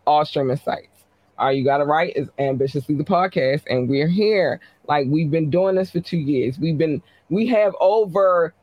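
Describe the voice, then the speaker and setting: A woman podcast host giving casual live-stream shout-outs to her listeners, talking in a slangy, blunt, chatty way. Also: deep voice, moderate pace, no room sound.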